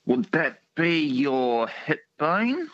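A man calling in to a radio quiz, playful and quick to try out silly voices. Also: on the high side, very animated, highs cut off. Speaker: caller. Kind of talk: casual phone-in chat.

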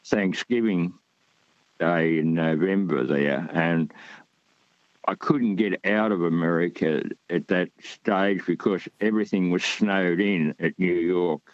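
A man's voice: sits low, slow pace, dry recording, lo-fi sound. A man from Australia calling in to a radio show, talking in a rambling, hesitant way with many fillers. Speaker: caller. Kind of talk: radio call-in chat.

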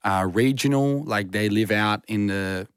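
A young adult man with an Australian accent, co-hosting a casual radio show and chatting in a relaxed, rambling way. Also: on the low side, measured pace, smooth, dry recording, studio quality. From Western Australia. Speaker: radio host.

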